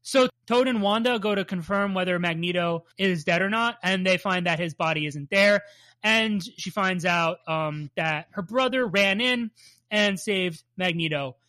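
A woman's voice: fairly low pitch, a little slow, no room sound. A woman co-hosting a podcast, recapping a cartoon episode in casual chat, swearing often and laughing. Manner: swears a lot, animated and laughing. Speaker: podcast co-host.

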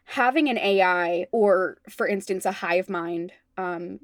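A woman's voice: lowish voice, slow pace, no echo, clean studio sound. A woman co-hosting a casual podcast chat, wry and given to fillers. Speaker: podcast co-host.

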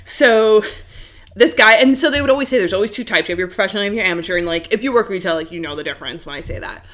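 A woman co-hosting a casual podcast, telling stories in an animated way, laughing often and using lots of fillers. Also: medium pitch, racing. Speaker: podcast co-host. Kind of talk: casual chat.

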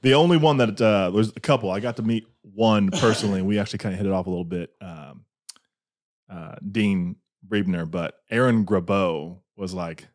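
A man's voice: fairly low pitch, moderate pace. A man chatting casually and telling stories, often laughing and repeating his words. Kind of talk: casual chat.

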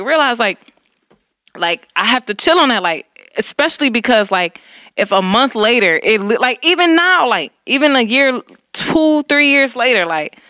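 A woman's voice: mid-range voice, pushed and bright, clean tone, dry recording, clean studio sound. A woman co-hosting a casual talk, rambling with many "like"s and frequent laughter. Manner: rambling, heavy use of "like", laughs often. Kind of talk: casual conversation.

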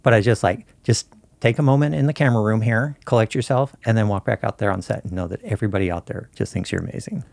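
Low gravelly guy telling set stories, relaxed, does the voices, dry mic. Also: quick pace, dry recording. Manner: storytelling, easygoing, acts out dialogue. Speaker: film camera crew guest. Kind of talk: casual interview chat.

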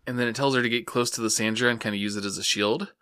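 A man summarizing anime plot points in casual chat, calmly and with many fillers. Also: mid-range voice, racing, clear, resonant tone, dry recording, studio quality. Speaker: podcast co-host recapping an anime episode.

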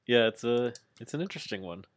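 A man co-hosting a podcast, chatting casually about wrestling and retelling scenes with animated acted-out quotes. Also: mid-range voice, quick pace, a little hiss or hum. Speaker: podcast co-host.

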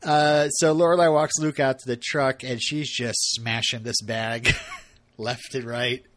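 A man's voice: medium pitch, steady tone, unhurried, fairly bright tone, no echo. A man casually recapping a TV episode as a podcast co-host, chatty and full of laughs and fillers.

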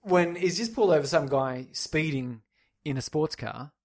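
A man's voice: fairly high pitch, normal speed, darkish tone. A man from Australia co-hosting a casual podcast, telling a wry personal anecdote. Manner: anecdotal, wry, laughs at his own story. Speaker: podcast co-host. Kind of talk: casual chat.

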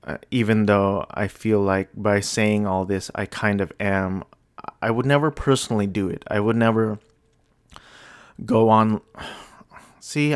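Hesitant, downcast man with a low voice. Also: no room sound, clean studio sound. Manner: hesitant and apologetic, with many restarts; low and despondent. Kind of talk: rambling solo commentary.

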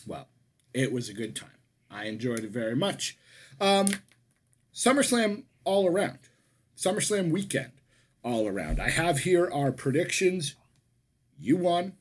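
A man's voice: mid-range voice, sing-song, unhurried. A man co-hosting a casual wrestling podcast, talking in a rambling way that keeps correcting itself. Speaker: podcast co-host.

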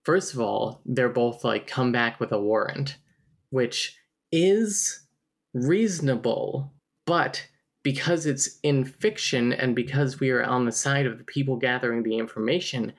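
A woman with an unusually deep voice and heavy vocal fry talks through a book in a casual review chat. She explains her points in a dry, wry way. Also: measured pace. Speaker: podcast co-host, critic.

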